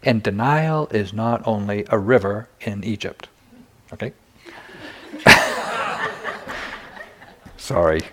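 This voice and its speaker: A man's voice: fairly low pitch, expressive, slow, long pauses, noisy background. An older man giving a meditation dharma talk, telling personal stories candidly with self-deprecating humor. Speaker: meditation teacher.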